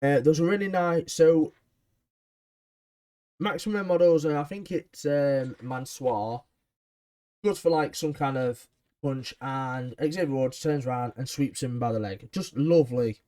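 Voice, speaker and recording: A man's voice: fairly high pitch, measured pace, dark tone. A man recapping a wrestling episode in a chatty, enthusiastic way, with frequent ums. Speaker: wrestling show reviewer.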